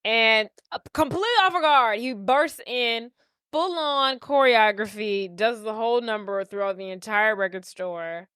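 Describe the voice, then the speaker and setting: A woman's voice: on the high side, clean tone, no echo, studio quality. A young woman co-hosting a casual movie podcast, animatedly recapping scenes and acting out the characters' lines. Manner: animated, acts out characters' lines in quick voices. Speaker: podcast co-host.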